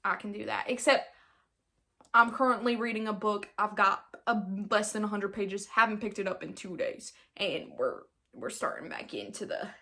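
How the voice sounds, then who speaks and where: A woman's voice: medium pitch, sharp tone. Giggly rambling young woman podcaster. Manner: rambling, giggly and self-mocking; puts on an accent in places. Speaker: podcast host. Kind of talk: casual solo podcast chat.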